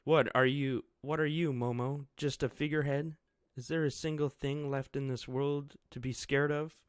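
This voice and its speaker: A man voices a blunt young pirate captain who presses hard with challenging questions. His medium-pitched voice is steady, clear, and resonant at a moderate pace, pitched above his own natural voice but still close to an everyday one, with clean studio sound and no echo.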